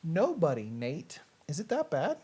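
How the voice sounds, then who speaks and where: A man's voice: on the high side, huge pitch swings, a little slow, darkish tone, a little hiss or hum. Rambling Southern man, casual chat. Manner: rambling, self-deprecating, chatty. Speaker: host.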